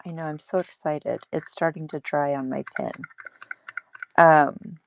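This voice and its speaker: A woman's voice: low voice, steady tone, unhurried, vocal fry, slight background noise. A woman hosting a casual livestream craft demo at her table, chatty and laughing at herself.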